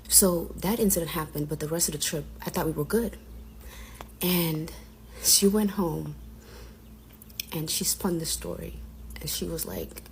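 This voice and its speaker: Low, gravelly-voiced woman telling a story. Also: moderate pace, darkish tone, slight background noise. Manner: candid, frustrated recounting with quoted dialogue. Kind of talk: casual personal story time.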